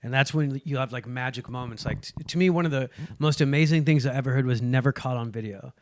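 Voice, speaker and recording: A man's voice: medium pitch, fast talker, no echo. A man, a guest comedian, chatting casually on a podcast and acting out quotes as he tells stories. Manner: animated storyteller, acts out quotes.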